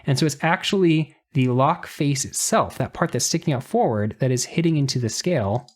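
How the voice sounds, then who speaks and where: A man's voice: medium pitch, expressive, normal speed. Male knife reviewer, casual show-and-tell, mid-range voice, rambling and detail-obsessed. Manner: talkative, detail-focused, frequent restarts.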